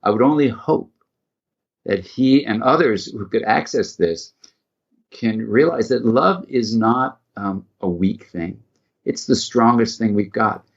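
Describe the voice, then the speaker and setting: A man's voice: lowish voice, gravelly, slightly rough, highs cut off. A middle-aged man, a psychiatrist guest in an interview, speaking in an earnest, reflective way and acting out quoted dialogue as he tells a story.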